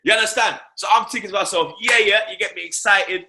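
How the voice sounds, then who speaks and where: A young man with a London accent hosting a casual chat, telling stories in a slangy, swearing, animated way and tagging lines with fillers. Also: high-pitched, fast talker, creaky. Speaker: host.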